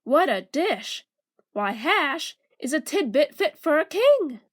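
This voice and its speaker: A friendly, eager storybook man, hearty and enthusiastic, as a woman reads his lines. The voice is high and lively. The pace is slow and deliberate. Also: heavily acted. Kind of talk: children's storybook reading.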